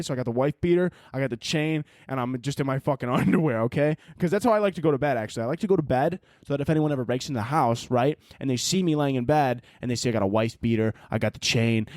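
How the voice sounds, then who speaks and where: A man hosting a solo podcast, rambling and swearing through animated stories, short on sleep and wired. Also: mid-range voice, quick pace, few pauses, no room sound. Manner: rambling, profane, animated storytelling. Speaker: podcast host. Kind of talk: casual solo podcast monologue.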